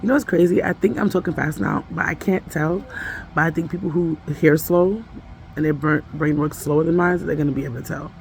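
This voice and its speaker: A woman's voice: low voice, brisk, creaky, darkish tone, a little hiss or hum. A woman vlogging casually from home, rambling and chatty, breaking off to talk to her toddler. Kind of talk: casual vlog chat.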